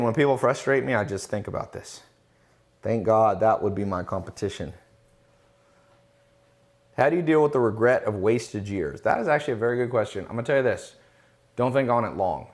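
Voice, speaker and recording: A man hosting a casual live Q&A, reading out viewer questions and answering them in a confident, emphatic, lecturing way with rhetorical questions. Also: on the low side. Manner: reads out chat questions, then answers.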